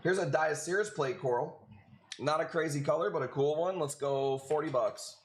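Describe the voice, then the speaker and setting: A man's voice: on the high side, moderate pace. A man hosting a live coral sale stream, chatting casually with viewers in a joking, profane way. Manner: joking, profane, talks to chat.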